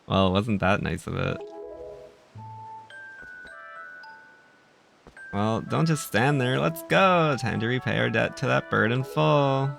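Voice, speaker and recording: A man's voice: mid-range voice, animated, moderate pace, gravelly, a bit bright, soft background music, pitched above the performer's own voice. A man voicing a bossy, tough teenage girl pirate captain in a video game, talking in a brash, scornful way. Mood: commanding.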